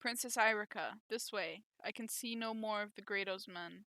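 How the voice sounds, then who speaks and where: A woman's voice: medium pitch, normal speed, bright, forceful tone, no echo. A woman reading aloud as an earnest, formal male knight protecting a princess. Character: loyal devoted male knight guarding a princess.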